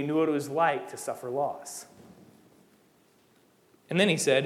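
A young man preaching a sermon in a lively, conversational way, rising to emphatic peaks. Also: a little high, moderate pace, long pauses. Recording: long hall reverb.

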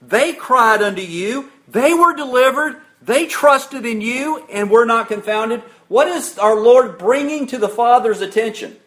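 High, lively-voiced preacher asking questions. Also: male voice, unhurried, few pauses. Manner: asks the congregation questions and answers them himself; reads scripture aloud with rising emphasis. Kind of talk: sermon.

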